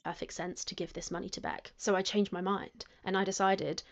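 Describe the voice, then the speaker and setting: A woman's voice: medium pitch, little pitch movement, a little fast, gravelly. A woman explaining and justifying her decisions to camera, repeating herself as she goes. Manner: self-justifying, repetitive. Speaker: youtuber being reacted to.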